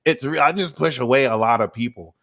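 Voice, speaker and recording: A man streaming astrology talk from home through a webcam mic. He is casual and profane, laughs at his own faults, and swings between a low, level tone and high, squeaky mock voices. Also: a little fast, creaky, a bit bright.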